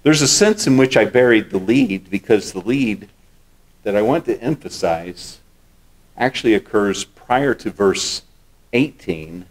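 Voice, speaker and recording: A man's voice: lowish voice, lively intonation, a little slow. A man preaching a sermon as pastor. He explains scripture step by step and repeats key words for emphasis.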